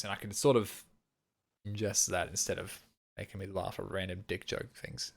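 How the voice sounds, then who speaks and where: A man cohosting a relaxed podcast, with a slightly low voice. He talks in a chatty way and laughs easily. He is close on a desk microphone. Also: normal speed, gravelly. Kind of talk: casual chat.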